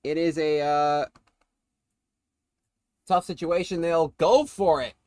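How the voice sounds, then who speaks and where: A man commentating his own football video game stream play-by-play, relaxed between plays and suddenly excited when something big happens. His voice sits a little high for a man and keeps correcting itself as he talks. The sound is dry and close, with no room around it. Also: slow pace, no room sound.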